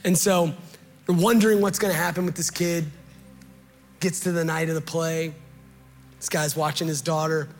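A pastor preaching a sermon in a slightly high voice, telling stories in a relaxed, joking way with plenty of ums and restarts. A long reverb rings around him, and soft music plays underneath. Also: male voice, normal speed, pauses often. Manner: conversational storytelling, joking, with fillers.

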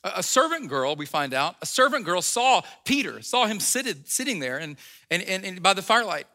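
Pastor preaching a sermon in a chatty storytelling way. Man with a high, piercing voice. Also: big pitch swings, moderate pace, pushed and bright, big-room sound. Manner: conversational storytelling, acts out quotes, frequent restarts.

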